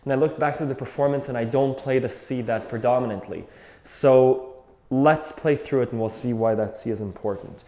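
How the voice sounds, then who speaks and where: A man's voice: mid-range voice, normal speed, dark tone. A man teaching an accordion lesson in a casual, reflective way, thinking aloud as he plays and explains. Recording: roomy echo, faint accordion.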